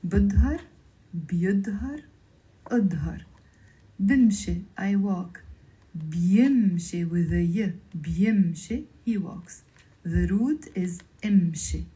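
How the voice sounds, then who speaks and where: A woman with a Lebanese accent teaching vocabulary on a livestream, pronouncing each word slowly and carefully, then repeating it. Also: fairly low pitch, dark tone, rough recording. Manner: slow, careful word-by-word pronunciation drills.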